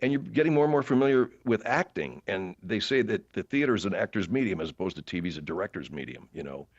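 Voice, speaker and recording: A man with a fairly low voice tells rambling stories as a podcast guest. He jumps between asides and restarts himself often. The recording sounds dull and a little lo-fi. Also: fast talker, slightly rough. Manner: rambling, animated anecdotes with many fillers and restarts. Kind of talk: casual interview storytelling.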